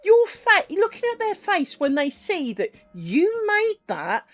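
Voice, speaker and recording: A middle-aged woman, chatting casually with viewers during a crafts stream, animated and profane, acting out little conversations. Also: very high-pitched, a little slow, soft background music. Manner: chatty and animated, swears freely, acts out little dialogues. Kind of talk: casual chat with live viewers while crafting.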